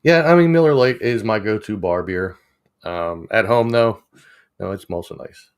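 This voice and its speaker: A man's voice: lowish voice, normal speed, smooth. A man, chatting casually with viewers on a livestream, rambling and chuckling as he reads the chat. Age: 40s. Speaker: livestream host.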